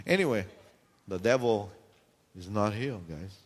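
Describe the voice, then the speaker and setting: A man preaching a sermon to a congregation in a church, animated and full of rhetorical questions, sometimes acting out shouting voices. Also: lowish voice, measured pace. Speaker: pastor. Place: church sanctuary. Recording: long hall reverb in a church.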